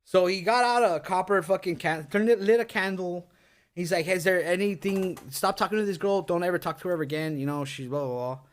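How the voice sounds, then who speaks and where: A young man co-hosting a podcast, telling a story in casual chat, animated and swearing often, acting out his screams. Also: sits high, fairly quick. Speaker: podcast co-host.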